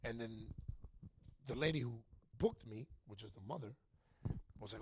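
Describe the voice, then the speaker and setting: A man, a DJ guest on a podcast, telling stories in an animated, slangy way and swearing. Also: medium pitch, normal speed, long pauses, slight background noise. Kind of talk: casual storytelling.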